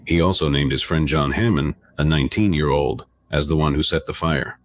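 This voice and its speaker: Very deep-voiced male narrator. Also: fairly even intonation, fairly quick, no echo. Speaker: video narrator. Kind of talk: scripted narration.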